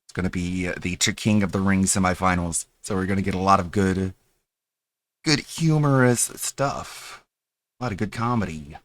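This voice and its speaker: A man with a lowish voice hosts his live stream, talking casually and drifting between thoughts. He tosses in meme slang and restarts sentences freely. The sound is dry, with no room around it. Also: steady tone, fast talker, a bit bright, no echo. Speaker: streamer host.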